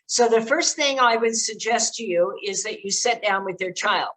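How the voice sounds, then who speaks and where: Speaking at a moderate pace in a mid-range, somewhat bright voice, an older woman earnestly advises parents during a presentation on preventing child exploitation. She uses frequent fillers, and the recording is rough.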